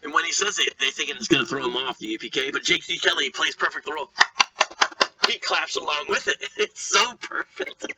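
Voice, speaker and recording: A man giving live reaction commentary on a video as a streamer, animated and quick to laugh, with preachy asides. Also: fairly high pitch, recorded from a distance, poor audio.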